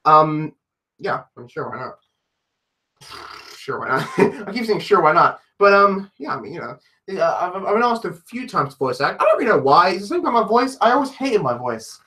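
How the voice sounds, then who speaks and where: A man with a London accent talks loosely on a live stream, answering chat as he goes. His voice sits a little high, and his talk wanders with false starts and self-deprecating remarks. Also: big pitch swings, fairly quick, sharp tone. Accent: London English. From London, England. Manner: rambling, self-deprecating, many restarts.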